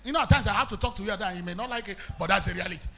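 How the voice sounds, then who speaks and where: A Nigerian man preaching a sermon as an evangelist, impassioned and breaking into shouts, with Pidgin mixed into his English. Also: high-pitched, racing, creaky.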